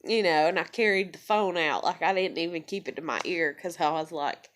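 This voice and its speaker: A woman's voice: on the low side, animated, normal speed, a little hiss or hum. A woman vlogger talking through a casual personal monologue, rambling with lots of fillers and heavy swearing.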